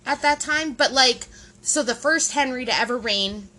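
Bright-voiced woman co-hosting a podcast. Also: high-pitched, normal speed, poor audio. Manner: explains with many "like"s and "right?" checks. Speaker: podcast co-host. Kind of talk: casual podcast chat.

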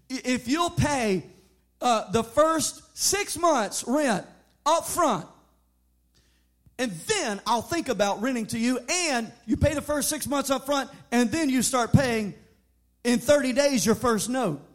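A preacher doing a blunt landlord. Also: male voice, extremely high pitch, unhurried, pitched above the performer's own voice. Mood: dismissive. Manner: dismissive, matter-of-fact.

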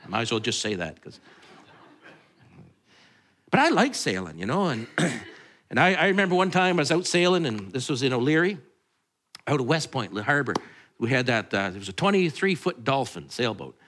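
A man's voice: medium pitch, very animated, normal speed, long pauses, fairly bright tone, slight background noise. A male pastor, preaching in a conversational, rambling way full of asides and restarts. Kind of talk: sermon.

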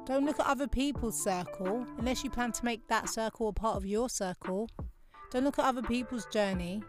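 A woman's voice: medium pitch, no echo, studio quality. A young woman, hosting her own podcast in a candid, chatty solo monologue and laughing easily. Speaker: podcast host.

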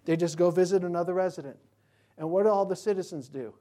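Male pastor, sermon, emphatic, rhetorical questions, loud then hushed. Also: sits high, fast talker. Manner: animated, swinging from loud to quiet.

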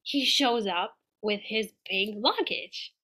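A woman guest on a podcast telling a personal story in a casual, animated way, acting out her own quoted dialogue. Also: mid-range voice, takes it slowly.

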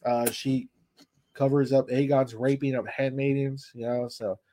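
A man's voice: medium pitch, little pitch movement, a little slow, mellow. Laid-back man summarizing a plot. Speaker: podcast co-host. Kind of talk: casual show recap chat.

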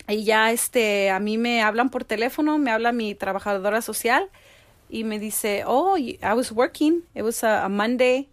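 A woman's voice: on the high side, no echo. Married woman telling her story, dry sound. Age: adult, married. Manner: animated retelling with acted-out quoted dialogue. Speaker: interview guest. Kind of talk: personal storytelling.

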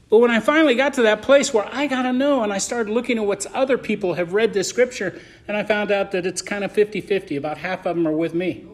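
Pastor guy preaching in church, kinda high voice, goes loud then soft. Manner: preaching with swings between loud emphasis and soft asides. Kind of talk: sermon.

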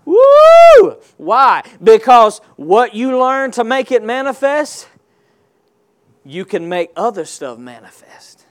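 A man preaching a sermon, calling on the congregation to answer back and stressing points with slow, emphatic delivery. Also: high-pitched, very animated. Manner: call-and-response preaching, rising to emphatic shouts.

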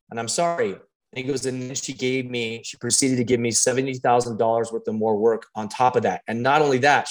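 A man working as a coach, talking casually and telling animated stories with lots of fillers and restarts. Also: mid-range voice. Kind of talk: casual conversation.

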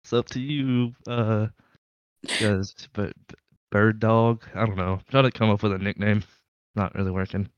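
A man's voice: lowish voice, fairly even intonation, moderate pace, clear, resonant tone, no room sound, muffled recording. A man hosting a casual podcast, cracking crude jokes and riffing. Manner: joking, profane, riffs on bits. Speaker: podcast host.

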